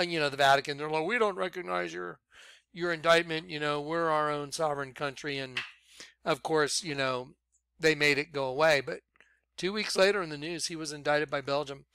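A man leading a ministry, preaching informally in an animated way, laughing and swinging between loud outbursts and quiet asides. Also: a little high, clean tone, no room sound, studio quality. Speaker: ministry leader.

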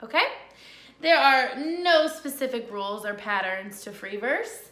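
Bright-voiced, unhurried woman teacher. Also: fairly high pitch, expressive. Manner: cheerful, chatty, encouraging. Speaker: second-grade teacher. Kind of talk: teaching a video lesson to young children. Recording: echoey room.

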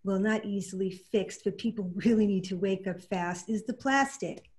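A woman quilt artist talking in a panel discussion over a video call, earnest and halting, getting emotional as she speaks. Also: medium pitch, a little mellow.

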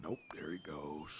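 A man doing an outlaw cowboy impression in game voice chat, gravelly, drawling in old-west slang and teasing the other players. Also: rumbling low, a bit bright, exaggerated voice. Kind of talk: in-game voice chat role-play.

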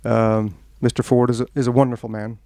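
An American man, an author at a bookstore event, tells funny stories to the crowd and performs the voices of the people in them. His medium-pitched voice moves fairly quickly, and the recording has no room sound. He's animated and makes self-deprecating jokes throughout.

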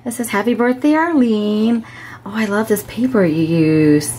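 A woman hosting her crafting channel, chatting casually as she opens packages and gushes with excitement. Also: fairly high pitch, a little slow. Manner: gushing, gasping with excitement. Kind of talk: casual unboxing vlog.

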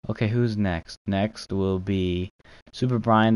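A man's voice: lowish voice, steady tone, slow pace, a little mellow, smooth. A young man streaming a game live, joking and teasing as he chats with viewers and a friend. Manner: joking, teasing, talks to chat.

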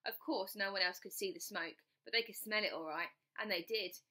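A woman's voice: medium pitch, brisk, sharp tone. A woman reading a children's storybook aloud, narrating in the first person with expression. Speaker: storybook reader.

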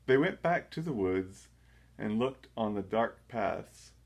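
Slow, low-voiced man reading a storybook. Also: animated, gravelly, breathy edge. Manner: slow, gentle, measured. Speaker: storybook reader. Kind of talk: children's read-aloud narration.

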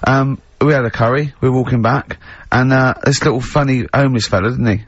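Man, radio host, giggly, teasing banter, husky voice, dry dull lo-fi studio sound. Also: mid-range voice, steady tone, a little fast, no room sound. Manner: giggly, teasing, breaks into laughter. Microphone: studio microphone.

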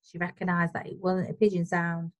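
A woman teacher reading a storybook aloud to children, expressive and gentle, pausing to explain the story. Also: fairly low pitch, rough recording. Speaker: primary school teacher.

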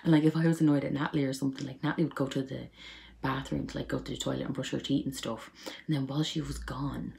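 Young woman, casual storytelling, filler-heavy, laughing, creaky fry. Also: a bass voice, steady tone, quick pace, darkish tone, a little hiss or hum. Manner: chatty, lots of fillers, laughs while telling stories. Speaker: vlogger.

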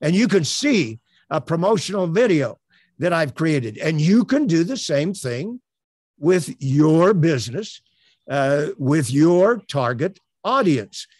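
An older man coaching on elevator pitches in an online presentation, earnest and promotional, with many uhs. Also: big pitch swings, slow, a little mellow, breathy edge, no echo. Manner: filler-heavy, earnest, promotional. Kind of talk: webinar presentation. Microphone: webcam on a tripod.

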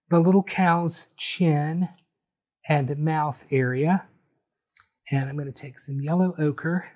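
A man calmly talking through a step-by-step painting tutorial, explaining each brushstroke as he goes. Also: on the high side. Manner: friendly, unhurried, explains each brushstroke as he works. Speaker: painting instructor.

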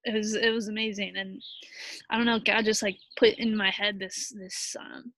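A young woman telling a personal story in a halting, heartfelt way, full of fillers and restarts, sounding tired. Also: medium pitch, flat delivery, a bit bright, no echo. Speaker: vlogger.

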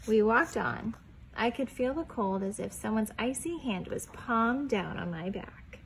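In a gentle storytelling voice at mid-range pitch, a young woman reads a picture book to preschoolers, pausing to ask the kids questions and whispering the quiet lines. The audio is poor, with slight background noise.

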